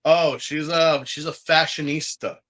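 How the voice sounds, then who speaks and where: A man co-hosts a podcast in casual, animated chat. His voice sits a bit high and bright, and he keeps dropping into campy little voices. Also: measured pace, low-quality recording. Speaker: podcast co-host. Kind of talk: casual chat recapping a TV series.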